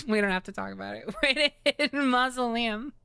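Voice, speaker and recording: Jumpy, bright-voiced woman streamer. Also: a little high, normal speed, gravelly, smooth. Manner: jumpy, swears a lot, yells and laughs when startled. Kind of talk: live let's-play commentary.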